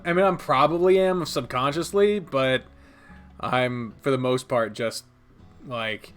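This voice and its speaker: A man's voice: medium pitch, measured pace, fairly bright tone, soft background music. A man hosting a let's play, chatting casually, often laughing, swearing and restarting his sentences. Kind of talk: casual chat.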